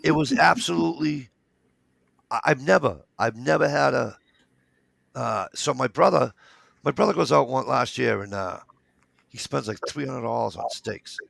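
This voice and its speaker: A man with a deeply gravelly, fry-heavy voice tells loose, rambling stories in casual chat. He swears freely and restarts his sentences often. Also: lively intonation, normal speed, pauses often, fairly bright tone, dry recording.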